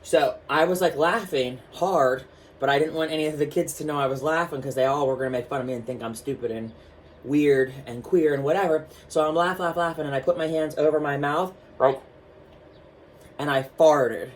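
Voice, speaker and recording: A man vlogging, telling a personal story in a chatty, animated way with lots of fillers while showing his artwork. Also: fairly high pitch, moderate pace, a little hiss or hum.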